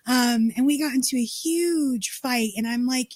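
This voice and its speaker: A woman's voice: high voice, measured pace, few pauses, darkish tone, dry recording. A woman from Colorado, a state party chair, telling her story in a casual interview and acting out the dialogue.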